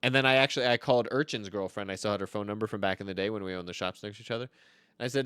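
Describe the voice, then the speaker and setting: A man giving comedic card-game commentary, boastful and theatrical, swinging between loud outbursts and low mutters. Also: fast talker, clear, resonant tone, dry recording, clean studio sound.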